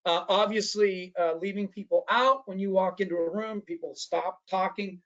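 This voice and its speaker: A man's voice: high-pitched, fairly even intonation, normal speed, a bit bright, lo-fi sound. A man presenting a training workshop in a lecture style. He talks animatedly, often restarts his sentences and acts out the voices of the people he quotes.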